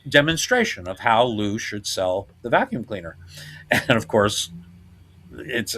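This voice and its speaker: A man's voice: mid-range voice, a bit bright. A man hosting a podcast, chatting casually and laughing often as he retells scenes. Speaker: podcast host. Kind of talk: casual chat.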